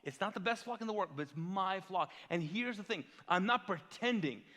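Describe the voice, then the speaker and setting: A man preaching as a pastor, animated and playful, firing rhetorical questions at his congregation. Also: sits high, normal speed, big-room sound. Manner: self-deprecating and playful. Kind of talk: sermon. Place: church auditorium.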